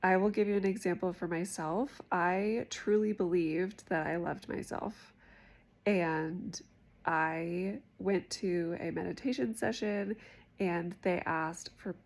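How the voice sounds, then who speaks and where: A woman's voice: lowish voice, unhurried, a little mellow. A woman hosting a self-help talk, speaking candidly and conversationally about her own experience. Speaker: host.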